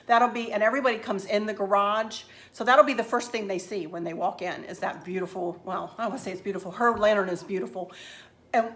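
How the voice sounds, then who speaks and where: A woman's voice: medium pitch, fairly even intonation, a little fast, a bit bright. A middle-aged woman, talking casually and rambling to her viewers at home. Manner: chatty, rambling, addresses viewers as y'all. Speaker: vlogger. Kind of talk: casual chat.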